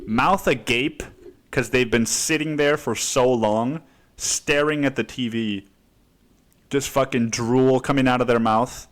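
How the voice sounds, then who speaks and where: A man's voice: mid-range voice, unhurried. A man hosting a podcast, ranting casually and rambling with lots of cursing and "dude.". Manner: rambling, heavy cursing, says "dude" a lot. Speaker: podcast host. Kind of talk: casual profane rant.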